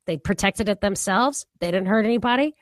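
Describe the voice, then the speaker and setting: A woman with a medium-pitched, animated voice talks briskly in a dry recording. As a podcast co-host she rambles casually through political ideas, restarting frequently and laughing easily.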